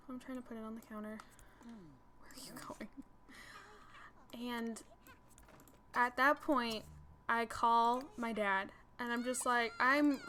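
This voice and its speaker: A young adult woman telling an animated story over gameplay, full of "like" fillers. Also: a little high, a little hiss or hum. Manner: animated, breathless retelling with many "like" fillers. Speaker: gaming channel host.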